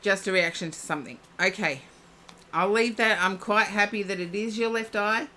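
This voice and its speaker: A woman's voice: mid-range voice, normal speed, sharp tone, slight background noise. A woman giving a live-streamed oracle card reading, chatting and thinking aloud as she reads. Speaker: psychic card reader.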